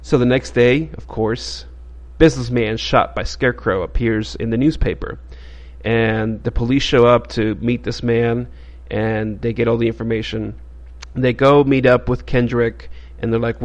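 Dude on a podcast going over an old comic, medium voice, lots of uh's, pretty casual. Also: male voice, medium pitch, steady tone, moderate pace, lo-fi sound. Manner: rambling, with frequent fillers. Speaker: podcast host. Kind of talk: casual comic book recap.

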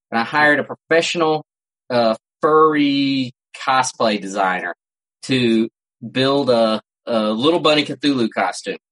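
A man's voice: medium pitch, fairly bright tone, rough recording. A man co-hosting a casual podcast, telling stories in a rambling way with frequent restarts. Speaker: podcast co-host. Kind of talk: casual chat. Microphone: home setup, cat nearby.

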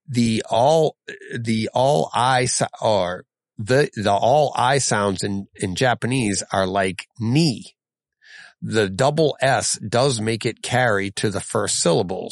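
A man hosting a casual solo podcast, reading listener mail in a rambling, self-correcting way and chuckling often, his voice going hoarse. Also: fairly low pitch, no echo. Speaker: podcast host.

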